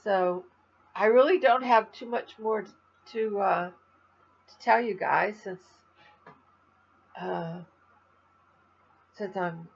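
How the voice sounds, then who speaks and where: An older Florida woman who vlogs about crafting rambles to her viewers, sounding tired and slightly stuffy, trailing off with fillers as she chats. Her medium-pitched voice is husky with vocal fry, slow-paced and full of pauses, and the audio sounds dull.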